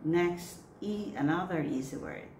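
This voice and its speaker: A woman coaching church readers through a pronunciation drill, giving slow, patient prompts with long pauses between them. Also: fairly low pitch, a little mellow. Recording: echoey room with faint noise.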